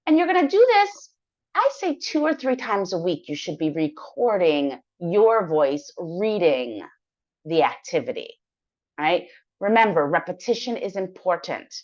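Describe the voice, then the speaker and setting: Woman, English teacher, clear and encouraging, step-by-step explaining, lower voice, muffled lo-fi audio. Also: sing-song, measured pace, darkish tone. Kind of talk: online English lesson. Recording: dull lo-fi sound.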